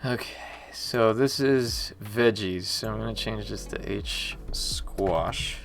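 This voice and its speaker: A man's voice: fairly low pitch, slow, gravelly, fairly bright tone. A man streaming his work as an indie game developer, chatting casually and muttering to himself as he codes and reads chat aloud. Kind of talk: casual live-stream commentary while working. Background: faint music and keyboard typing.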